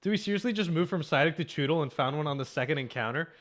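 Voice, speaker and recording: A man's voice: on the high side, expressive, rapid-fire, a bit bright. A young man streaming a game, chatting and joking casually with his viewers, swearing freely. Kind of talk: casual live-stream chat.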